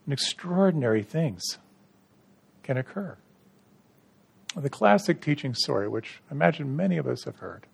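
Gravelly-voiced male meditation teacher. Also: fairly high pitch, animated. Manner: gentle, reflective, unhurried with soft restarts. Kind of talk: dharma talk.

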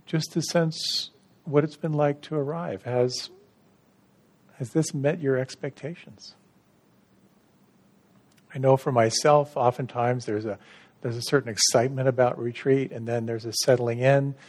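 A middle-aged man giving a gentle, reflective dharma talk to retreat participants, unhurried, with soft restarts. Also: medium pitch, steady tone. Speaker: meditation retreat teacher.

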